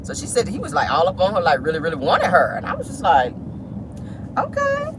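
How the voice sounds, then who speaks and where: A woman's voice: sits low, rapid-fire, noisy background. Sassy woman gossiping in a car. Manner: sassy, animated, says "honey" often. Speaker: vlogger. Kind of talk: casual celebrity gossip chat.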